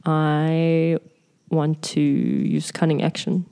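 A woman's voice: low voice, very animated, takes it slowly, vocal fry, mellow, clear, resonant tone. A woman playing a tabletop game, stating her character's moves in a matter-of-fact way. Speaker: player. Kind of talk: casual tabletop game talk.

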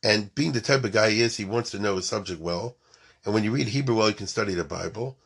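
A man's voice: on the low side, fast, creaky, fairly bright tone, husky. A man giving an informal storytelling lecture, mixing in Hebrew and Yiddish terms and often checking that his listeners follow.

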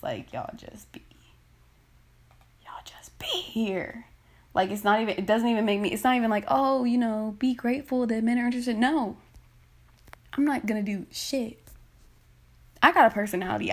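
A woman podcast host ranting casually and bluntly into her phone, swearing and exasperated. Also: medium pitch.

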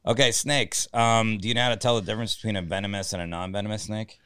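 Relaxed low-voiced male podcast host. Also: quick pace, clean tone, no room sound, studio quality. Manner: laid-back, laughs easily. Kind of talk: casual interview questions.

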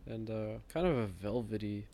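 A man's voice: on the low side, normal speed, crowd noise. A man in casual chat, hesitant and searching for words.

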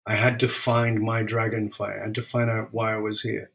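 A man telling an emotional personal story, reflective and candid, speeding up and slowing down as he goes. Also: lowish voice, little pitch movement, creaky, a bit bright. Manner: emotional, reflective, varies pace widely.

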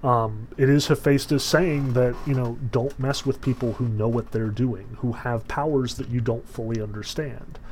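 A man's voice: mid-range voice, fairly even intonation, moderate pace, hardly any pauses, a little mellow, a little hiss or hum. A man giving a casual lecture to a class, rambling with many fillers.

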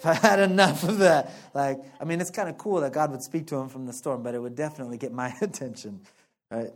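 A male pastor giving a casual, conversational sermon, playful and animated, laughing often and dropping slangy asides. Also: mid-range voice, fast.

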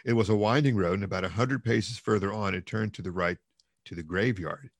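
Brief: low, rough-edged male narrator, dry close recording, steady storytelling. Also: dry recording. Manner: measured, expressive reading. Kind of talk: audiobook reading of a classic novel.

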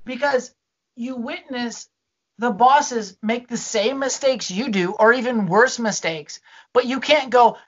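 A man's voice: very high voice, takes it slowly, breathy edge, lo-fi sound. A man who works in a restaurant, rambling and swearing as he vents in casual chat. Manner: rambling, profane venting. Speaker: restaurant worker.

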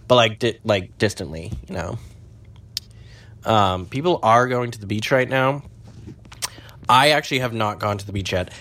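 A young man rambling and swearing in a casual monologue from his parked car, jumping between low mutters and high squeals. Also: normal speed, long pauses, a bit bright. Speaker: vlogger.

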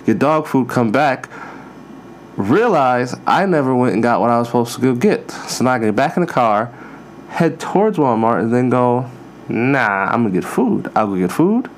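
A man's voice: medium pitch, lively intonation, normal speed, slight background noise. A man hosting a podcast, telling rambling, profane stories in a casual comedic monologue with self-mocking asides. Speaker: podcast host.

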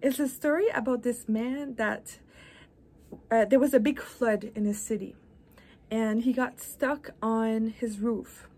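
A woman with a fairly high voice gives an earnest motivational talk as a podcast host and wellness coach. She speaks in an encouraging, heartfelt way. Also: fairly even intonation, measured pace, darkish tone.

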